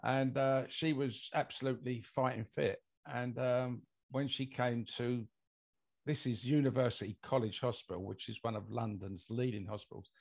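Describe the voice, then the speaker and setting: A gravelly, slightly mellow mid-range voice belongs to an older British mold investigator being interviewed on a podcast. At normal speed and with fairly even intonation, he tells a long personal tale in a rambling way, using many fillers.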